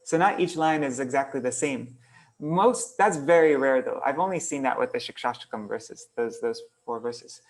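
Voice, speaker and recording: A man leads an online lesson on verse meter in a relaxed, thinking-aloud way, working on screen as he goes. His voice has a gravelly edge, and every so often he chants syllable patterns out loud. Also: medium pitch, normal speed. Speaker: kirtan teacher.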